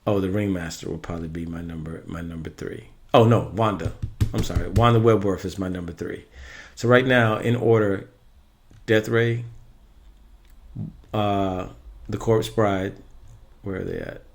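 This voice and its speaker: A man's voice: deep voice, fairly even intonation, normal speed, long pauses, a little mellow. Chatty man reviewing Halloween props. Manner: chatty, rambling with self-corrections. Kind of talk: casual opinion vlog.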